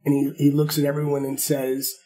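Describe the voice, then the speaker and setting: Husky-voiced male game master. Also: on the high side, monotone, mellow. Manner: halting, repeats words often. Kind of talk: narrating a tabletop game.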